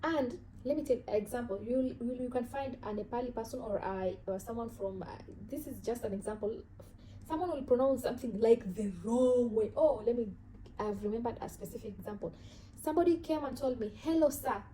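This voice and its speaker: A woman's voice: on the high side, brisk, mellow, a little hiss or hum, poor audio. A woman with an African accent, talking casually to camera about self-growth in an earnest, reflective way, often restarting and repeating words. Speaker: vlogger.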